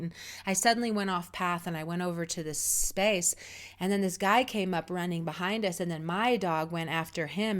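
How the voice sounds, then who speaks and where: A woman giving casual spiritual advice in a reflective, meandering, conversational way. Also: fairly low pitch. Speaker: spiritual guide.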